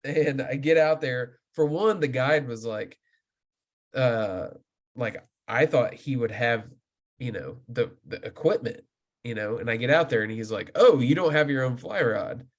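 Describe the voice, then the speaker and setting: A man's voice: mid-range voice, a little slow. Chatty man telling a fishing story. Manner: animated storyteller, many "like"s. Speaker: podcast host. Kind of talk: casual podcast chat.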